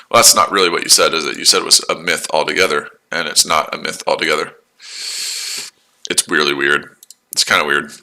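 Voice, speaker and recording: A man's voice: extremely low pitch, moderate pace, bright, forceful tone. A man hosting a casual trading livestream, talking to his chat in a mocking, repetitive way. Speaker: trading streamer.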